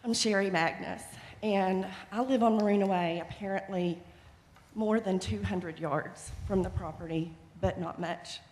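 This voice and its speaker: A woman's voice: mid-range voice, a little slow, darkish tone, slight background noise. A middle-aged woman making an impassioned, pleading public comment at a city council meeting. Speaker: resident speaking at public comment. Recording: reverberant council chamber.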